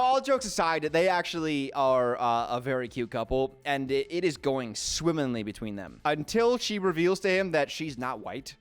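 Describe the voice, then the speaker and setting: A man's voice: on the high side, clean tone. A man hosting a video, giving jokey, sarcastic commentary. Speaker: video host. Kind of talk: comedic commentary.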